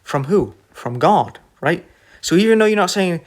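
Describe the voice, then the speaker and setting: Emphatic preaching man, higher voice. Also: expressive, fairly quick. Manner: emphatic, rebuking, asks rhetorical questions. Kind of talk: online sermon.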